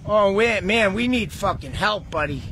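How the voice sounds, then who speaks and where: A man filming from a boat on open water, excitedly swearing and shouting repeated exclamations at a huge catch. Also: high voice, moderate pace. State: shaky with excitement. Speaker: fisherman filming his catch. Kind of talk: excited vlog commentary. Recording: outdoor boat and water noise.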